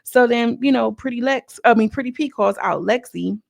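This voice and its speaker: Chatty woman with a gravelly voice. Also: on the high side, normal speed, no echo, studio quality. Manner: chatty, slangy, quotes cast members in mocking voices. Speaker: reality show recap vlogger. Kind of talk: casual recap commentary.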